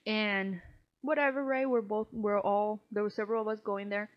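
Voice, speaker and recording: On a dull, lo-fi podcast recording, a female co-host with a mid-range voice talks at a moderate pace. She tells a casual story full of profanity, acting out the quotes lively as she goes.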